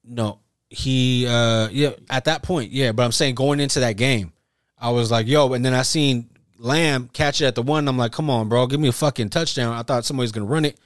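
Male podcast host, mid pitch, animated and profane storyteller, dry close mic. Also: brisk, clean tone, no room sound. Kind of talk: casual chat.

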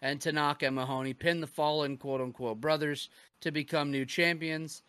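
A man hosting a casual chat, recapping with excitement and lots of swearing. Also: fairly high pitch, normal speed, clean tone, no echo. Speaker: podcast host.

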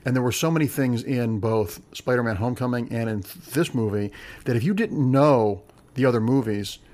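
Animated opinionated man. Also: medium pitch, moderate pace. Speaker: film discussion panelist. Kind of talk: casual opinionated chat.

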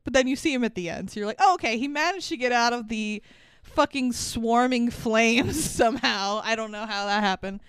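A woman's voice: on the high side, normal speed, clean tone, no echo. A woman co-hosting a podcast, casually recapping a movie, laughing often and swearing while acting out bits in quotes. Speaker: podcast co-host.

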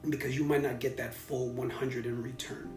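A man's voice: medium pitch, little pitch movement, normal speed, echoey room, over music. A man co-hosting a casual podcast chat, talking animatedly and acting out the lines he quotes. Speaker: podcast co-host.

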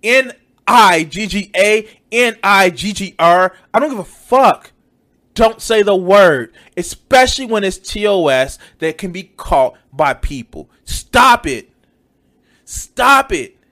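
A man reacts with heated scorn, swearing freely and mocking what he hears. His voice sits high and swings widely in pitch. He takes his time, stretching his words slowly. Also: animated, bright, forceful tone. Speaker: reaction commentator. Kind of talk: profane reaction commentary.

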